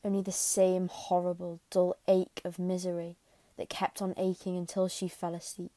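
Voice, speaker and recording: A woman reading a classic novel aloud as a gentle, steady audiobook narrator. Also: lowish voice, normal speed, dry recording. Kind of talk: scripted narration.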